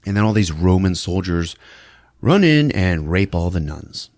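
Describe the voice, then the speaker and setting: A man hosting a podcast who recaps a horror film in casual chat, telling it as an animated storyteller. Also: low voice, unhurried, no echo, clean studio sound. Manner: animated storyteller, laughing often. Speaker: podcast host.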